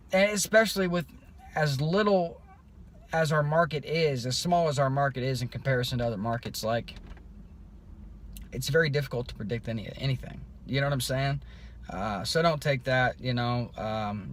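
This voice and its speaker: Man, casual vlog update, rambling, unscripted, mid-pitched. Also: normal speed, slight background noise. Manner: loose and rambling, with lots of ums and restarts. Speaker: crypto vlogger.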